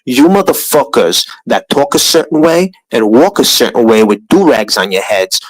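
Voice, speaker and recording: Streamer man, lively up-and-down delivery, profane rant with mocking impressions. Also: mid-range voice, normal speed, hardly any pauses, low-quality recording. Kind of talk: ranting live-stream monologue.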